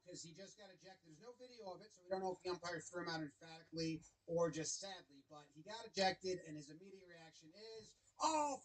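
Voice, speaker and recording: A man's voice: on the high side, poor audio. A man giving wry, chatty play-by-play commentary over a baseball clip. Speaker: sports video commentator.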